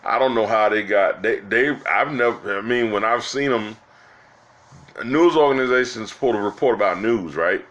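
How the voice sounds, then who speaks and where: A man's voice: fairly low pitch, normal speed, a bit bright, lo-fi sound. A man giving rambling, exasperated political commentary to his viewers, with many restarts, calling them "guys" and "y'all". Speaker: political vlogger.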